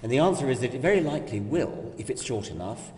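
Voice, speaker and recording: An older man interviewing, explaining ideas in a measured, precise way with slight hesitations. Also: mid-range voice, lively intonation, a little mellow. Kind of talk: conversational interview. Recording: distant mic, echoey hall with long reverb.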